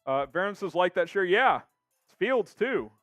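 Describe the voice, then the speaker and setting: A man's voice: high voice, very animated, moderate pace, a bit bright, no echo, faint music behind. A young man hosting a casual sports live stream, reading out viewer comments in an upbeat way.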